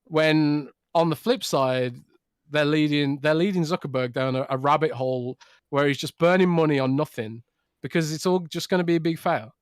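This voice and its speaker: A man co-hosting a podcast, ranting in an animated way with many restarts. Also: fairly high pitch, normal speed, clean tone, no echo, clean studio sound. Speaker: podcast co-host. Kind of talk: casual chat.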